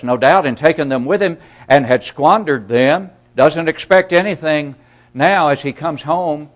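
A man preaching a sermon, asking rhetorical questions and swinging from loud emphasis to hushed asides. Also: medium pitch.

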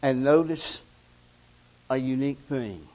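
A man preaching a sermon, slow and deliberate, swinging between loud declarations and hushed lines. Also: medium pitch.

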